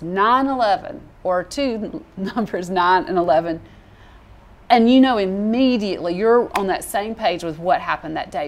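A woman giving a casual Bible teaching, reading scripture aloud and acting out the people in the story. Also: mid-range voice. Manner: conversational, animated, acts out quoted voices.

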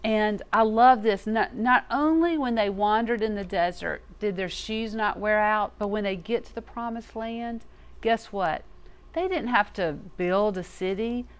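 A woman giving a casual, conversational Bible teaching in a folksy, animated way. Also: mid-range voice, a little slow, clear, resonant tone.

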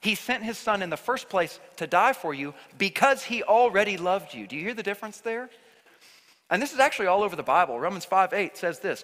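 A man's voice: high-pitched, big pitch swings, fairly quick, pushed and bright. A man preaching a sermon as pastor, earnest and emphatic, often repeating himself for emphasis. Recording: long hall reverb.

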